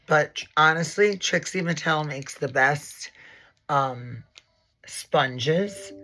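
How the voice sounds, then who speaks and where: A man in his forties talks through his makeup routine in an unhurried, gravelly voice. He is sassy and theatrical, trailing off into asides and cursing casually. He sounds like a seasoned makeup educator chatting to his viewers. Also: a little high, a bit bright. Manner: sassy, dramatic, rambling, full of asides and swearing. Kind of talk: casual makeup tutorial vlog.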